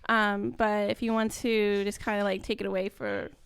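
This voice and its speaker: A woman's voice: medium pitch, little pitch movement, normal speed, clear, resonant tone, dry recording. A woman co-hosting a casual podcast, friendly and chatty with many fillers. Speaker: podcast co-host. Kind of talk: casual chat.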